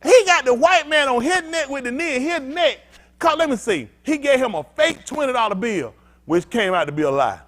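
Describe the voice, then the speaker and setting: A male pastor preaching to a congregation in a high voice that leaps up and down in pitch. He is blunt and street-talking. He swings from loud, emphatic bursts to low, muttered asides. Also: expressive, normal speed. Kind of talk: sermon teaching with call-and-response.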